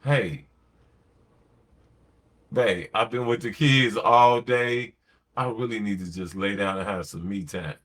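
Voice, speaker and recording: A man voicing a tired woman asking her partner softly for help, in a coaxing way. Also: medium pitch, brisk, lightly acted.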